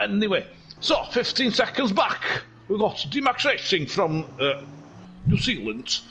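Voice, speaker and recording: A man with a high, lively voice commentates a live sim race in a put-on North Welsh accent, cracking jokes and wandering off into asides. His pitch swings widely, and there is faint noise behind him. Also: low-quality recording. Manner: joking, rambling asides.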